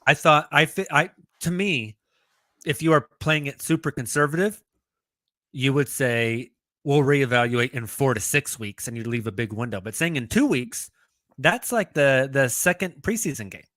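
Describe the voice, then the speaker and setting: A man co-hosting a sports podcast in casual chat, thinking out loud as he goes. His voice is bright and forward. The sound is close and dry. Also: mid-range voice, very animated, moderate pace, no echo. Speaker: podcast co-host.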